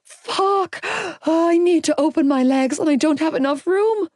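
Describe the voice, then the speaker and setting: A woman's voice: very high voice, measured pace, darkish tone, dry recording, studio quality, pitched above the performer's own voice. A woman voicing a young woman in labour, crying out in pain and pleading, for an audiobook. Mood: pained, panicked. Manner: pleading, breathless cries.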